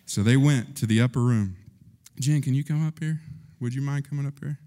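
A man preaching a sermon, telling a story and acting out voices, rising in pitch and force when stirred. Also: a little fast, mellow. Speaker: pastor. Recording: long reverb of a large hall.

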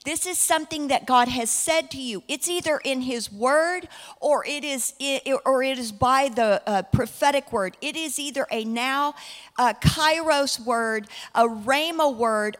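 Woman preacher, high voice, drags out key words real slow, big echoey hall. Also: a bit bright. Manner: emphatic, stretching key words slowly. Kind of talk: sermon.

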